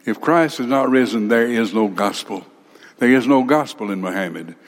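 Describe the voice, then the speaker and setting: A man preaching a sermon dramatically, acting out listeners and swinging between loud emphasis and hushed asides. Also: medium pitch, normal speed. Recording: long hall reverb.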